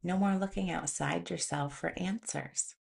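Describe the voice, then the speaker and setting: Gravelly-voiced woman giving a motivational talk. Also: lowish voice, a little slow. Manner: conversational, animated storytelling. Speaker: host.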